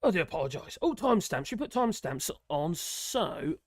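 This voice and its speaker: A man's voice: a little high, very animated, moderate pace, dry recording, studio quality. Rambling man ranting on a stream. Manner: rambling, blunt and ranting, with swearing and chuckles. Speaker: host of a live politics stream. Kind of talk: casual live-stream commentary.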